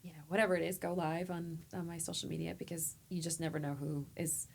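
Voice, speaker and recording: Gravelly low-voiced woman therapist. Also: quick pace, slight background noise. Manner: heartfelt, animated, acts out quoted people. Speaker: therapist guest. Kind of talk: emotional conversational storytelling.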